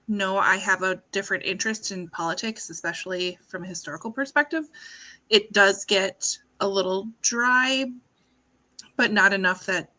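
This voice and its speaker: A woman chatting casually about books on a live stream, friendly and quick to chime in. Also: mid-range voice, bright, forceful tone, poor audio. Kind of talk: casual chat.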